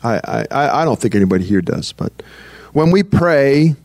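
Man, preacher, sermon, conversational, repeats himself, mid pitch, dry close sound. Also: sing-song, a little mellow, dry recording. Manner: repeats phrases, stammers restarts, reads scripture slowly.

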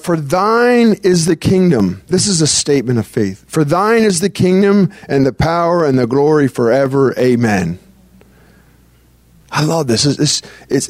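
A man's voice: a little high, a little mellow, no echo. A man preaching a conversational sermon as pastor. He speaks earnestly and breaks into prayer as he teaches. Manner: earnest, prays aloud mid-talk.

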